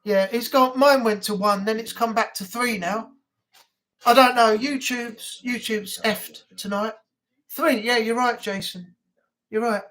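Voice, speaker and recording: A woman with a fairly high voice hosts a relaxed live stream chat. She rambles along, full of ums, talking to her viewers in a casual way. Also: unhurried. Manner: rambling, chatty, many ums.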